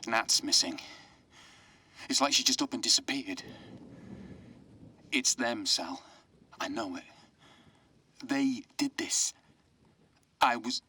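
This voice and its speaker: An actor playing an anxious grown man who leaves a halting, urgent, apologetic voice message in a game. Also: medium pitch, sharp tone, husky, exaggerated voice. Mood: urgent, worried. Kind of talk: game voice acting.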